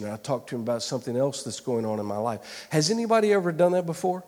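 A man's voice: medium pitch, animated, fast, hardly any pauses, darkish tone. A man preaching a sermon, telling a personal story earnestly, with frequent restarts and repeated phrases. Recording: long hall reverb.

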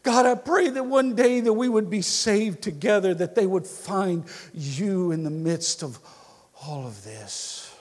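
A man preaching a sermon, dropping to hushed prayer and rising to loud, emphatic storytelling. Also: high-pitched, lively intonation, a little slow, in a large hall. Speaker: pastor.

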